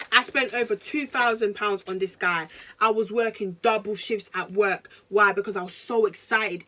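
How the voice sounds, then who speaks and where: Bright-voiced young woman vlogger. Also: medium pitch. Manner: animated, slangy, addresses viewers directly. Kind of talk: casual storytelling to camera.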